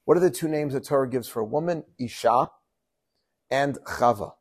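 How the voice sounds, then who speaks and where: A rabbi giving a Torah teaching, quoting Hebrew verses and translating them, with frequent rhetorical questions. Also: male voice, medium pitch, moderate pace, slightly rough. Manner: animated, quotes Hebrew verses then translates; asks rhetorical questions to the audience.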